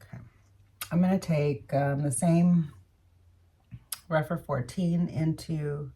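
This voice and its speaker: Woman, low husky voice, rambling makeup-tutorial chatter, self-correcting asides. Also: fairly even intonation, slow, warm tone, distant mic. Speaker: beauty vlogger. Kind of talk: casual makeup tutorial chat.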